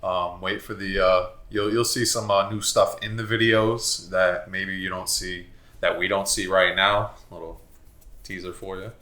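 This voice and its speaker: A young man with a very low voice that still has a bright edge. He co-hosts a casual podcast, joking crudely and breaking into laughter. The room gives his voice an echo. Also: level tone, a little slow. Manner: joking, crude, cracks up at his own lines. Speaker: podcast co-host. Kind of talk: casual chat.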